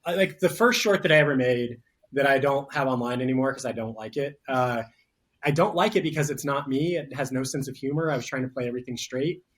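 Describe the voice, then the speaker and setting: A man speaking as a film director in a relaxed interview, talking thoughtfully with frequent fillers and restarts. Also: mid-range voice, fairly quick. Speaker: writer-director. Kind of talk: casual interview talk.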